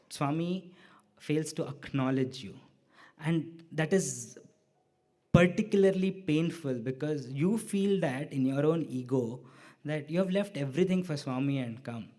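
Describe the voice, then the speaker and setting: A middle-aged man telling a personal devotional story to a hall audience, acting out his own lines and the lines of others with lively shifts of voice. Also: fairly high pitch. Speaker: speaker sharing a devotional story.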